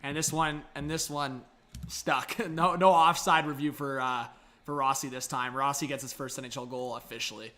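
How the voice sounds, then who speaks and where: A young man hosting a live hockey reaction stream, chatty and excitable, thanking viewers and coaxing his dog. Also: mid-range voice, normal speed. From Canada. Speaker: livestream host.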